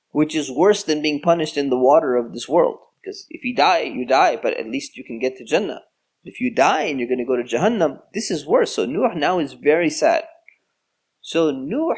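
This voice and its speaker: A man giving a storytelling religious lecture in a conversational, casual way. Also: a little high. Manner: conversational, relaxed with casual fillers. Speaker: Islamic lecturer.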